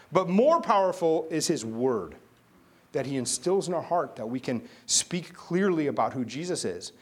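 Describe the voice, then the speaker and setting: A male pastor preaching a sermon who tells stories in an animated way, with dramatic pauses. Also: fairly high pitch.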